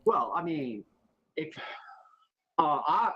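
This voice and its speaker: A man's voice: fairly high pitch, expressive, normal speed, fairly bright tone, breathy edge, muffled recording. A man playing a tabletop game, eagerly declaring his character's bold actions. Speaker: player.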